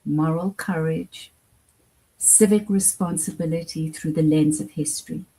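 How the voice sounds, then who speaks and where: A woman with a South African accent speaks as an interview guest. Her voice is low, dark and husky, and her answers come out measured and deliberate. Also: steady tone, poor audio. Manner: measured, articulate, deliberate phrasing. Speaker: guest, education program founder.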